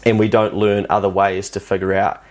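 A man's voice: low-pitched, little pitch movement, a little fast. A young man, a podcast guest chatting casually in a loose, blunt way and swearing freely. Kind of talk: casual chat.

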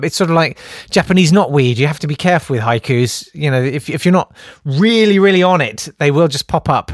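A man's voice: fairly high pitch, dry recording, studio quality. A man hosting a podcast, chatting casually and wryly, rambling with lots of fillers as he reads out listener messages. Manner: rambling, wry, many fillers. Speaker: podcast host.

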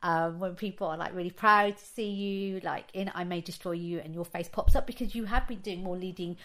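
A woman's voice: fairly low pitch, brisk, fairly bright tone. A woman from England interviewing a guest in a chatty, casual way, often saying "like.". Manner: chatty, frequent "like" fillers.

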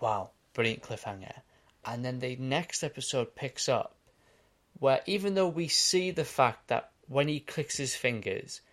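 This is an Australian man co-hosting a relaxed podcast. He talks quickly and with animation as he recaps what happened. His pitch sits in a mid range for a man. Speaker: podcast co-host. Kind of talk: casual podcast chat.

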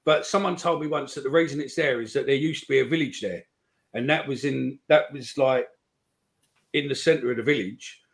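Gravelly-voiced man telling rambling stories. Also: medium pitch, normal speed. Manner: rambling storyteller, chuckles often. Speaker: podcast co-host. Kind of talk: casual chat.

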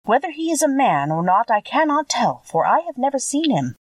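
A woman voicing a kindly little old woman, the Witch of the North, gentle and solemn in a storybook reading. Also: high-pitched, big pitch swings, fairly quick, husky, dry recording, distant mic, voice pushed up, heavily acted.

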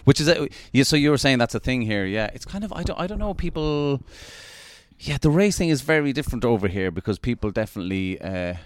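Quick-talking Irish man, joking. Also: medium pitch, expressive, dry recording, studio quality. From Ireland. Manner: joking, rambling, many restarts. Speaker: comedian and podcast host. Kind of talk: casual chat.

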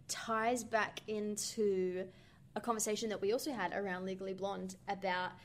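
A woman's voice: mid-range voice, steady tone, moderate pace. A young woman co-hosting a podcast, talking through a film in a thoughtful, rambling way with many fillers. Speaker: podcast co-host. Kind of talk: casual film discussion.

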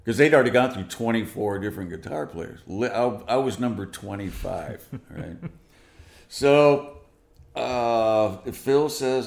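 Gravelly-voiced man telling a story. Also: mid-range voice, a little slow, reverberant. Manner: animated, acts out quoted dialogue. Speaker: guest musician. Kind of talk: storytelling interview.

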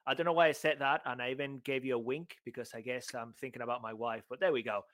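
Animated man acting out dialogue while coaching. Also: mid-range voice, fast. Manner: animated, jokey, acts out dialogue. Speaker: podcast co-host. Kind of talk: casual coaching chat.

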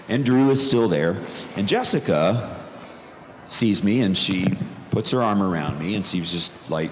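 Low, expressive, and unhurried, a man earnestly reflects on his conversion, leaning on repeated phrases to drive points home. The testimony talk rings with long reverb from a big room, with faint noise behind it.

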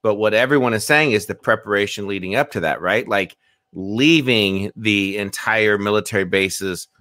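A lower-voiced man with a bright, forceful tone, giving measured political commentary as a co-host. He is recorded close and dry. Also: no echo.

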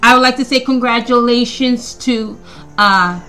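A woman's voice: on the high side, fairly even intonation, a little slow, bright, forceful tone, soft background music. A woman hosting a casual solo podcast, rambling and stammering with frequent laughter. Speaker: podcast host.

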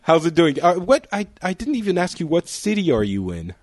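A man's voice: on the high side, huge pitch swings, brisk, a little mellow, no room sound, clean studio sound. Joking male podcast host. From France. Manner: rambling, self-correcting, joking. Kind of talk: casual chat.

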